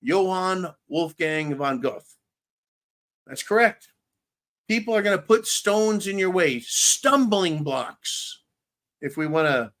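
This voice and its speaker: A man ranting bluntly through a casual live-stream monologue, his voice sitting a bit high for a man. He swears freely and slurs a little now and then, tongue-tied after a couple of drinks. He talks straight to his viewers like a show host. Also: a bit bright. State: slightly tipsy, tongue-tied. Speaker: livestream host.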